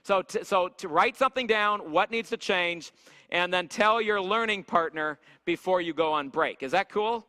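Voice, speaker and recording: A man with a high, sharp voice at normal speed delivers church leadership seminar teaching in a church hall. The space is echoey with long reverb, and he keeps things lively with stories and audience questions.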